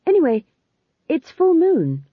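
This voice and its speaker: A woman voicing a shy, meek young female witch who speaks in a hurried way, in an audiobook. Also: mid-range voice, big pitch swings, breathy edge, no echo, pitched above the performer's own voice. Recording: slightly dull lo-fi recording.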